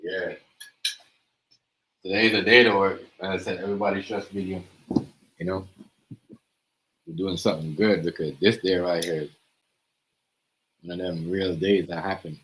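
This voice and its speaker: A man's voice: sits low, fairly even intonation, measured pace, long pauses, fairly bright tone, slight background noise, rough recording. A man chatting casually on a stream, talking emphatically and often checking that the listener follows. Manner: emphatic, keeps asking "you see what I'm saying". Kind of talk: casual chat.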